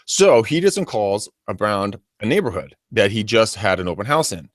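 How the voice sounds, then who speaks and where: A real estate agent in casual video-call chat, acting out sample phone calls. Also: male voice, on the low side, expressive, moderate pace, dry recording, clean studio sound.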